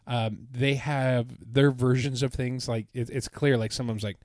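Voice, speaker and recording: A man's voice: mid-range voice, steady tone, unhurried, hardly any pauses, darkish tone, no echo, studio quality. A man co-hosting a podcast, recounting his trip in a casual, enthusiastic, rambling way. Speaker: podcast co-host. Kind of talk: casual chat.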